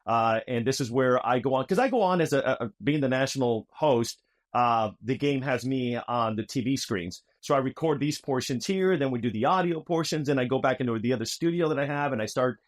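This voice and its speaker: A man's voice: medium pitch, brisk. A man, a podcast guest who hosts a trivia show, talking energetically from his home recording studio and calling people dude and my friend. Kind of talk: lively storytelling conversation. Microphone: studio microphones overhead.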